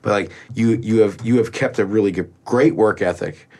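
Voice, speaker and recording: A man co-hosting a casual chat, animated, rambling and swearing freely. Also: fairly low pitch, normal speed, husky.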